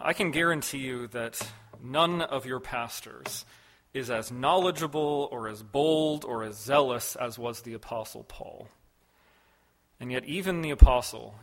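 A man preaches from the pulpit in a measured, earnest sermon voice. He leans hard on key words, then falls quiet and low at the ends of phrases. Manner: measured, emphatic delivery with sharp shifts between loud stresses and soft drops. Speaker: pastor.

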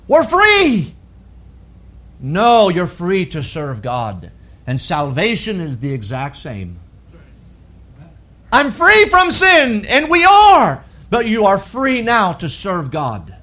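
A man preaching a sermon, emphatic, asking rhetorical questions and slowing down on key phrases. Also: extremely high pitch, a bit bright.

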